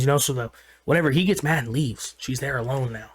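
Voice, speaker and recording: A man co-hosting a podcast, telling a story in a casual, animated and profane way, full of slang. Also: medium pitch, fast talker. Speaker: podcast co-host.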